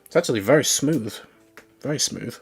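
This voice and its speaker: A man's voice: mid-range voice, expressive, moderate pace, vocal fry, husky, faint music behind. A man chatting casually on a live stream as he works, thinking aloud and talking to his viewers.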